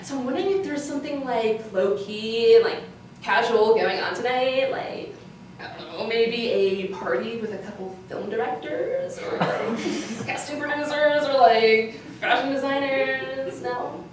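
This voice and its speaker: A woman's voice: on the high side, measured pace, crowd noise, lightly acted. A woman doing a giggly, ditzy young tourist. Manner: bubbly, giggly, filler-heavy valley talk. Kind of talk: live character comedy. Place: cabaret piano bar stage. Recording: echoey room from far off.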